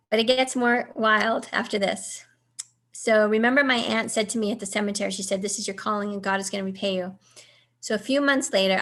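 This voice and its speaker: A woman in her forties telling a personal story as an interview guest, acting out the dialogue with lots of casual fillers. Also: mid-range voice. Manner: animated, acts out quoted dialogue; frequent "like" and "you know" fillers.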